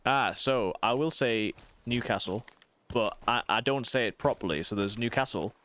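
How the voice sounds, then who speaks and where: A man in his thirties with a softened northeast English accent, chatting casually while streaming a game and rambling through quick asides. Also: mid-range voice. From northeast England. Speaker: streamer and vicar. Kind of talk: casual gaming stream chat.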